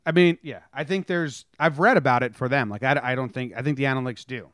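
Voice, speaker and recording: A man co-hosting a casual sports podcast, his voice sitting mid-pitch. He rambles, trails off and restarts his thoughts. The mic is close and dry, with no room sound. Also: fast, a bit bright, no room sound. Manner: rambling, self-interrupting. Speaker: podcast co-host.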